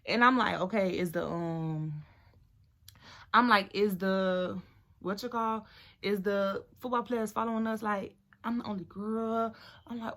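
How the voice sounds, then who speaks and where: A young woman vlogger chatting through a storytime while doing her hair, animated and talkative, sometimes dropping to a hushed voice. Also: medium pitch, slow pace, pauses often. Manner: animated, chatty, drops to near-whisper at times.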